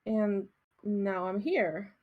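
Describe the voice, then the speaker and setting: A woman playing her character in a tabletop game, answering in short, unsure phrases. She speaks slowly, at a middling pitch. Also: highs cut off. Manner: halting, simple, unsure phrasing. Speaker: player. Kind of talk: in-character tabletop role-play.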